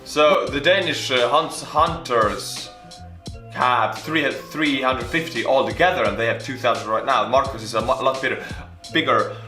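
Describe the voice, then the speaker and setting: A man in his twenties from Estonia, hosting a casual, playful reaction video with jokey shout-outs. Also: mid-range voice, normal speed. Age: 20s. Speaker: YouTube host reacting to a video. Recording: roomy echo with faint music.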